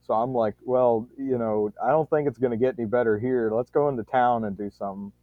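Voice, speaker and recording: A man's voice: medium pitch, fairly even intonation, fairly quick, no echo. A man on a podcast telling a long casual anecdote, rambling with frequent restarts and swearing freely. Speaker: podcast storyteller. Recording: tinny phone-like dry sound.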